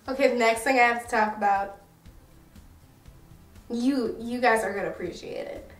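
A woman's voice: on the high side, steady tone, normal speed, pauses often, far from the mic, faint music behind. A young American woman vlogging in a casual, rambling and self-mocking way. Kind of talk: casual chatty review. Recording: echoey room, a bit off-mic.

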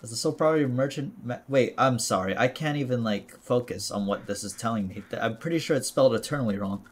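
A man's voice: mid-range voice, fast talker. A man streaming a video game, chatting casually to himself and his viewers in a jokey way. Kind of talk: casual gameplay commentary.

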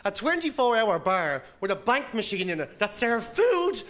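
Animated Irish man doing stand-up. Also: high-pitched, moderate pace. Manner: animated, laughing, acting out quotes. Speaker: stand-up comedian. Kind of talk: stand-up routine. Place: comedy club with live audience. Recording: loud audience laughter, background noise.

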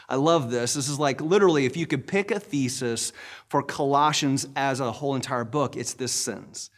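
A middle-aged male pastor preaching in a big church in an easygoing, folksy way. He leans on stories and circles back over his words. His voice sits at an ordinary middle pitch. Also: fairly quick. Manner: conversational, folksy storytelling with repetitions. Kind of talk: sermon. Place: large church auditorium.

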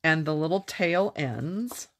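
A middle-aged woman walks through a craft tutorial in a low, unhurried voice. She chats casually and pokes fun at herself, laughing easily along the way. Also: expressive, a little hiss or hum. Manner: chatty, self-deprecating, laughs easily. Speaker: papercraft demonstrator.

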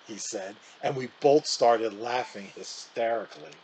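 A man reading a children's novel aloud in an animated storytelling manner. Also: on the low side, unhurried, a little hiss or hum, poor audio.

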